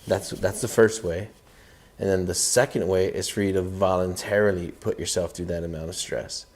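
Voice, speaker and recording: A man co-hosts a casual podcast with a very low voice. His tone is dark and relaxed, and he tells stories in an animated way, acting out what he was thinking at the time. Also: moderate pace. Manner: animated storyteller who acts out his own inner voice. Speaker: podcast co-host.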